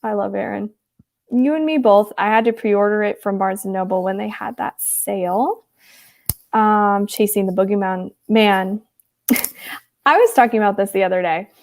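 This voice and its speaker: A woman's voice: mid-range voice, moderate pace, a little hiss or hum. A woman in her twenties from Wisconsin with a Midwestern accent tinged with a Texas twang, chatting casually with viewers and rambling with lots of ums and likes. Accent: Upper Midwest American with some Texas Southern traces. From Wisconsin, USA. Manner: rambling and chatty, many ums and likes, reads out chat comments. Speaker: livestream host.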